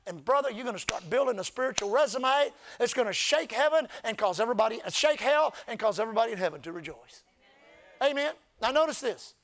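A male pastor preaching a sermon at a church service, often building to shouts and calling for the congregation to answer back. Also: extremely high pitch, lively intonation, quick pace. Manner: preaching, often rising to shouts with crowd call-and-response.

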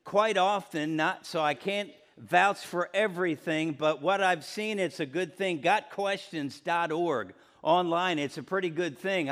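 This middle-aged pastor has a high, fairly bright voice and preaches conversationally, regularly turning to the congregation with questions.

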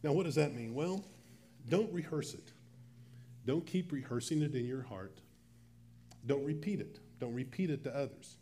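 A middle-aged man preaching a sermon. His voice is mellow and dark, never sharp. He keeps it conversational and voices the Bible figures' words himself. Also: medium pitch, normal speed, pauses often, a little hiss or hum. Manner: conversational, acts out Bible dialogue in quoted voices. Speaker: pastor.

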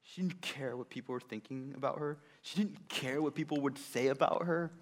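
A male preacher retelling a scripture story in an animated, conversational way, with rhetorical questions to the audience. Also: medium pitch, moderate pace. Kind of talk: sermon storytelling.

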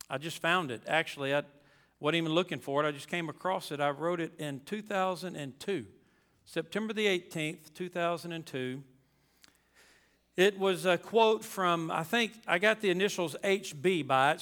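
A man's voice: fairly high pitch, a bit bright, long reverb tail. A pastor preaching a sermon to his congregation, emphatic and folksy, repeating his key phrases.

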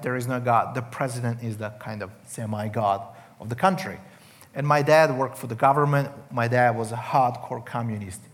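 Emotional man telling his story. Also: medium pitch. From Serbia. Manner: emotional storytelling with many restarts. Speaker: guest sharing testimony. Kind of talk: personal testimony.

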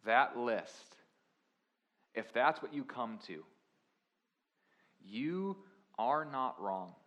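A young man preaching a sermon, swinging from quiet confessional lines to loud, emphatic preaching. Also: mid-range voice, lively intonation, drawn-out words, highs cut off. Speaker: pastor.

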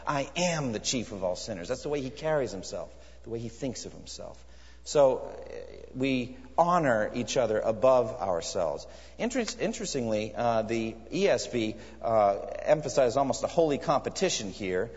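A man delivers a sermon in an earnest, conversational manner and often circles back to restart a phrase. His voice sits at an ordinary pitch and carries a long reverb tail, as if he is in a church sanctuary. The sound is somewhat dull and muffled. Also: darkish tone. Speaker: preacher.

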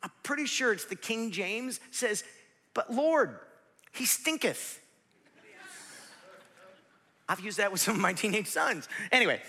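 A man in his forties preaching a sermon, swinging from loud shouts to near whispers, with joking asides to the congregation. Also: a little high, vocal fry, in a large hall. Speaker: pastor.

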